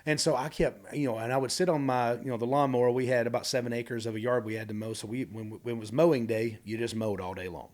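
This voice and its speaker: A man guest on a podcast, telling candid stories from his life in a rambling, animated way with many asides. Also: medium pitch, fast, hardly any pauses. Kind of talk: candid storytelling conversation.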